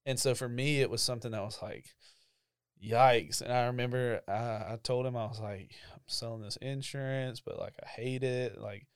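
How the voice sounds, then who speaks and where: A man's voice: mid-range voice, fairly even intonation, fairly quick, few pauses, clean tone, no room sound, studio quality. A young man, casually telling a personal testimony about his call to ministry, full of fillers and emotion. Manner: conversational storytelling with frequent fillers, emotional. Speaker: church ministry staff member.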